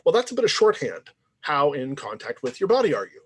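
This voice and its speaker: A man gives a university lecture in a loose, conversational way, tossing in "right?" as he goes. His voice sits a little high and has a husky edge. He talks things through in a reflective tone. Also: very animated, brisk.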